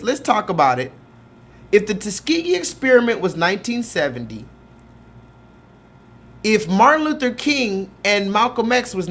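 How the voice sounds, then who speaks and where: High-voiced man ranting on a stream. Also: a bit bright. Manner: ranting, asks chat questions, profane. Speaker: streamer host. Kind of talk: casual livestream commentary.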